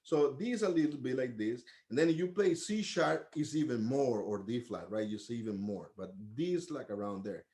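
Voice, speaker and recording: A man's voice: mid-range voice, expressive, normal speed, hardly any pauses, warm tone. Man patiently teaching trumpet articulation. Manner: patient, explains step by step, sings syllables to demonstrate. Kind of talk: music lesson.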